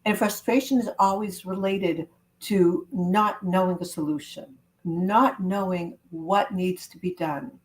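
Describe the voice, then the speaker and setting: A woman love coach giving an earnest, gentle self-help talk to camera, with spiritual wording. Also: on the low side, fairly even intonation, unhurried, rough recording.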